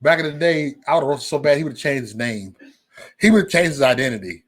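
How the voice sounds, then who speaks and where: A man hosting a casual livestream, joking loudly and cursing, breaking into laughter often. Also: mid-range voice, expressive, fast. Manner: loud, joking, profane banter with frequent laughs. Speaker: live stream host.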